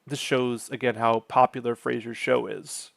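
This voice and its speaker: A man's voice: mid-range voice, level tone, moderate pace, vocal fry, no room sound. A man hosting his own channel, casually recapping a sitcom episode, wandering off on tangents and correcting himself as he goes.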